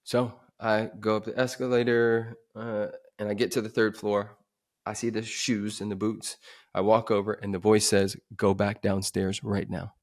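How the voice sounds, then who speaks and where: A man on a podcast telling a dramatic personal story, swinging from emphatic to hushed. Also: fairly low pitch, flat delivery, normal speed. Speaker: podcast guest.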